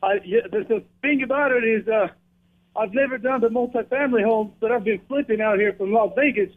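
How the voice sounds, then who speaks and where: A man's voice: high voice, brisk. A man calling in to a radio show, out of breath and talking casually with lots of fillers. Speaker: caller. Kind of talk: phone-in conversation. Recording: tinny phone line.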